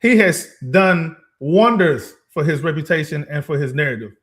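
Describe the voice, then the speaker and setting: A male podcast co-host in casual sports chat, his voice sitting slightly higher than most men's. He argues with heat, piling up rhetorical questions and laughing often. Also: lively intonation, moderate pace. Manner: emphatic, fired-up rhetorical questions with frequent laughs.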